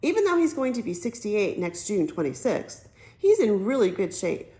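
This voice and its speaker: Female audiobook narrator for a kids' novel; animated, wide-ranging delivery. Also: medium pitch, normal speed, rough recording. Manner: lively storytelling, switches into character voices. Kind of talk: reading a children's novel aloud.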